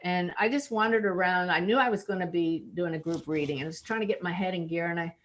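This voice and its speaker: A woman working as a psychic medium, telling a story in an animated, lively way to a group of listeners. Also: quick pace. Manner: animated, lively storyteller with big pitch jumps. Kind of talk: storytelling talk.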